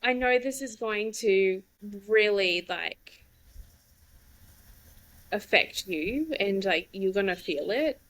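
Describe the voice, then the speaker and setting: A woman's voice: mid-range voice, lively intonation, slow, pauses often, fairly bright tone, low-quality recording. A woman co-hosting a podcast, talking in an earnest, frank way with casual swearing while tearful. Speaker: podcast co-host. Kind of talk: supportive casual chat.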